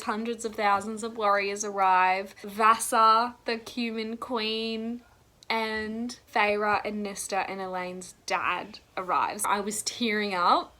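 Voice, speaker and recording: Gushing woman, bright voice. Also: fairly high pitch. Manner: gushing, rambling and emotional. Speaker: book vlogger. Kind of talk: casual reading vlog.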